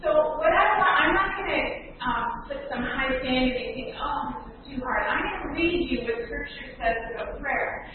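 Woman, sermon, chatty animated preaching, distant mic, echoey church hall. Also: high-pitched, moderate pace, hardly any pauses, narrow, tinny audio, a little hiss or hum. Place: church sanctuary.

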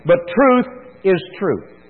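A man's voice: sits high, very animated, slow pace. A male pastor preaching a sermon in a folksy, conversational storytelling manner. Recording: thin phone-like sound in a reverberant hall with mains hum.

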